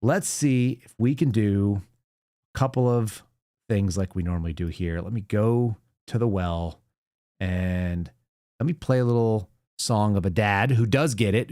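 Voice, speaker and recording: A man's voice: on the low side, darkish tone, no echo, studio quality. A man hosting a call-in show, chatting in a loose, offhand way as he signs off. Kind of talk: casual sign-off chat.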